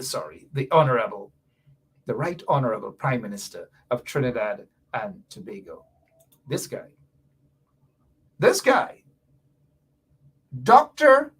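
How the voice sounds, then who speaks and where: A man's voice: on the high side, slightly rough. A middle-aged man hosting a political talk radio show, emphatic and sarcastic, hammering the same words over and over. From Guyana.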